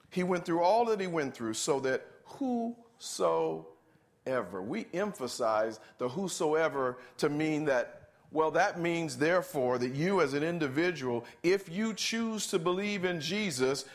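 A man preaching a sermon to a congregation, emphatic, asking them to answer back and repeating key phrases. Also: on the high side.

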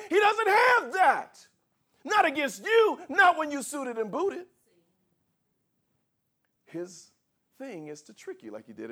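A man pastor preaching a sermon, swinging between quiet, low passages and loud, high, shouted peaks.

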